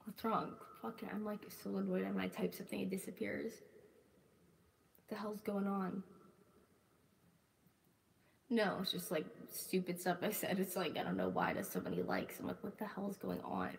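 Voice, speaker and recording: Young woman vlogger, mid-pitch, venting to camera: exasperated, profane, filler-heavy, with mocking impressions of critics. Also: expressive, moderate pace, gravelly, pauses often, slightly rough, poor audio. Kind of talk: casual ranting monologue.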